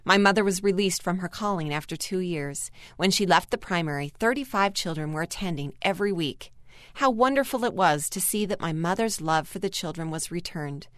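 A woman reading aloud an earnest first-person article as scripted narration, calm and steady. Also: fairly low pitch, brisk, no room sound, studio quality. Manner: calm, earnest storytelling read.

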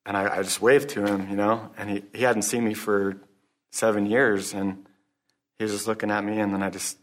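A man giving an earnest, halting personal testimony at a recovery meeting, closing in prayer. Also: on the low side, little pitch movement. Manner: halting, earnest, restarts often; religious, closes in prayer. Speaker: speaker sharing at a recovery meeting.

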